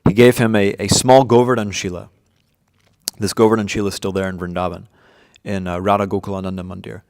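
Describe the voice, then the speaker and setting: A man with a lowish voice leads an informal scripture class, speaking casually and often restarting his sentences with ums and uhs. His voice carries a long reverb. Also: flat delivery, brisk, a little mellow. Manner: casual, many fillers and restarts. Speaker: class teacher. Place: room with devotees present.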